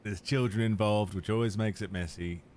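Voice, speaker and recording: A man's voice: lowish voice, steady tone, moderate pace, a little mellow, a little hiss or hum. A man streaming a video game live, chatting and ranting in tangents and swearing freely at a home setup. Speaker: gaming livestreamer. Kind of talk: casual livestream commentary.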